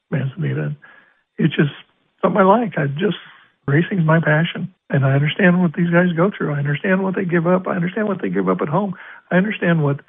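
A man's voice: fairly high pitch, gravelly, breathy edge. An older man from Arizona, a racetrack announcer, telling stories in an interview and acting out the dialogue. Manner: animated storyteller acting out quoted dialogue. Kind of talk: storytelling interview. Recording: phone-like radio line.

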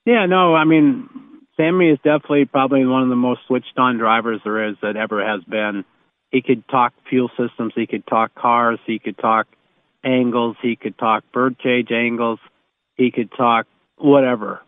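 His pitch is medium and his tone steady, at a normal speed. He's a race car mechanic sharing rambling anecdotes with chuckles, captured dry in a phone-line interview.

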